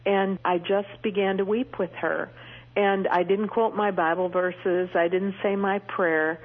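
A woman's voice: medium pitch, fairly even intonation, a little slow. A middle-aged woman, a Christian speaker, telling earnest personal stories with touches of humor as a radio interview guest. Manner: earnest, storytelling, warm humor. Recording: tinny phone line on radio.

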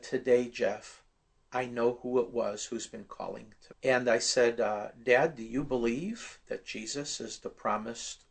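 A man sharing a personal faith story in conversation, telling it earnestly and quoting what others said. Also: mid-range voice. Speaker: guest sharing testimony.

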